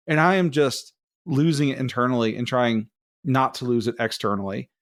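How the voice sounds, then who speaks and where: A man's voice: mid-range voice, normal speed, dry recording. A man co-hosting a podcast who tells a rambling, self-deprecating story in casual chat. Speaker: podcast co-host.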